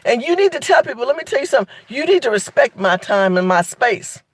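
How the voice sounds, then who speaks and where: A woman's voice: fairly high pitch, sing-song, a little fast, breathy edge, dry recording. Sassy, emphatic woman talking to viewers. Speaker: live video host. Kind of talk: animated live-stream commentary.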